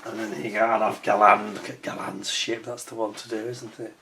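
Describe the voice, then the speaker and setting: A man's voice: lowish voice, steady tone, brisk, gravelly, a bit bright, slight background noise. A man giving a casual hands-on review of a scale model kit, chatty and admiring, with wry self-mocking asides.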